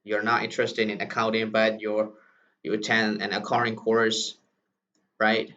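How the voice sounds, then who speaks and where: Through a distant, dull lo-fi recording with a little hiss or hum, a man from Myanmar, a native Burmese speaker with a Burmese accent, teaches in English. His low, bright, forceful voice stays monotone at normal speed as he explains things step by step, tagging lines with "right?"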